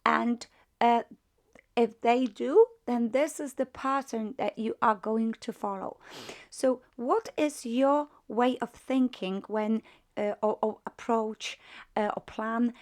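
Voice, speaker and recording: Slow, patient Polish-accented woman teacher. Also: on the high side, steady tone. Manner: patient, repeats "right?" after each point, many fillers. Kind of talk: grammar lesson explaining verb conjugation.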